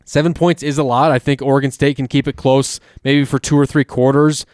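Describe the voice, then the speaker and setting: A man's voice: medium pitch, flat delivery, brisk, a little mellow, no echo, clean studio sound. A man hosting a casual sports betting chat, making joking, chatty football picks and thinking aloud as he goes. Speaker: podcast host making college football picks.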